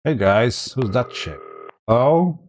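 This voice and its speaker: A man's voice: mid-range voice, animated, slow, slight background noise. Casual man reading game text aloud. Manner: casual, laughing asides with swearing. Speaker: let's-play streamer.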